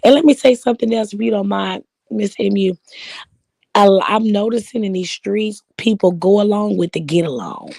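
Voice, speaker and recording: A woman's voice: mid-range voice, moderate pace, gravelly, mellow, no echo. A woman guest on a casual live stream, speaking in an assertive, emphatic way. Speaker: guest commentator.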